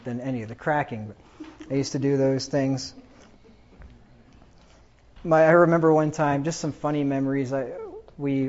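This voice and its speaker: Medium in pitch and a little mellow, a man's voice carries casual, rambling anecdotes about his family, punctuated by chuckles. This personal storytelling was captured on a dull lo-fi recording.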